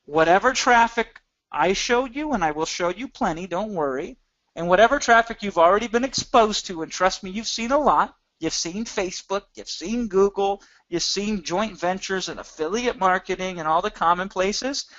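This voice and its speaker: Man, course instructor, emphatic, rhetorical questions, fairly high voice, dry, muffled lo-fi sound. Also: normal speed, fairly bright tone, no room sound. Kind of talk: teaching a recorded training session.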